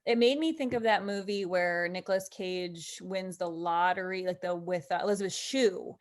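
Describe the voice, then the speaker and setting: A woman guest in a casual, playful interview, chatty and quick to laugh, thinking out loud as she guesses. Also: lowish voice.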